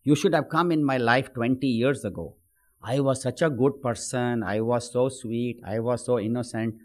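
A man's voice: medium pitch, steady tone, normal speed, lightly acted. A man voicing a remorseful, corrupt businessman who pleads and reproaches himself in a story told during a talk. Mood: regretful.

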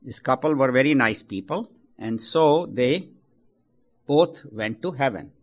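A man's voice: medium pitch, lively intonation, a little slow. Man telling a joking spiritual story. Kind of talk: sermon with anecdotes.

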